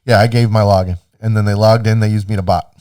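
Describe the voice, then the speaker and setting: A man's voice: on the low side, fast talker, clean tone, no room sound, far from the mic. Man telling a story, set back from the mic. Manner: animated, acts out his own past lines. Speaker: podcast co-host. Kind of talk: casual storytelling.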